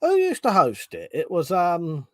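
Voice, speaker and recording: A man's voice: sits high, huge pitch swings, measured pace, a bit bright, dry recording. A man hosting a live stream, chatting loosely, swearing casually and reading out chat messages from home. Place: home room.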